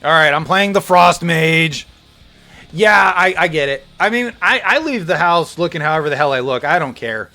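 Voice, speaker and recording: Male streamer, casual and rowdy; bright, lively, high voice. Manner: animated, swears, laughs often, breaks into loud outbursts. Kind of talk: casual gaming stream chat.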